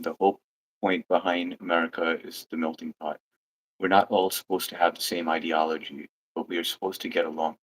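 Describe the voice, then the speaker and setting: Very deep-voiced easygoing man. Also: a little hiss or hum, poor audio. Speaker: livestream co-host. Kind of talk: casual livestream chat.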